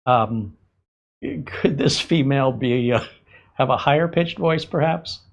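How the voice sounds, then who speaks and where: An easygoing man hosts a tech show and banters with a voice assistant. He jokes often and stumbles through hesitant fillers. His voice sits at an ordinary middle pitch. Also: muffled recording. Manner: hesitant, joking, fills pauses with um and uh. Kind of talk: casual demo chat.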